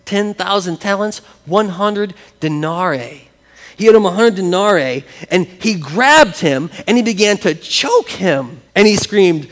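A man preaching a sermon, lively and conversational, talking with his congregation. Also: high-pitched, measured pace, long reverb tail. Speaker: pastor. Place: church sanctuary with congregation.

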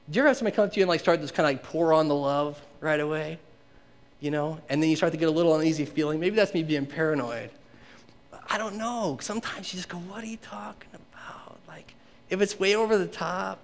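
A man preaching a conversational sermon to a congregation, asking them questions and acting out the quotes he reads. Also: on the high side. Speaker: pastor.

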